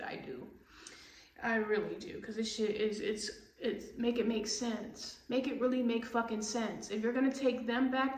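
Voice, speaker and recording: A woman's voice: on the high side, recorded from a distance. A woman giving a casual tarot reading, blunt and profane, ranting heatedly. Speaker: tarot reader. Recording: echoey room, voice off-mic.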